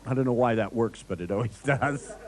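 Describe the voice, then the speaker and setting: A man's voice: medium pitch, fairly quick, background noise. A man telling a story to an audience, acting out the dialogue with wry chuckles. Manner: animated, acts out dialogue in quotes. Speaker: speaker.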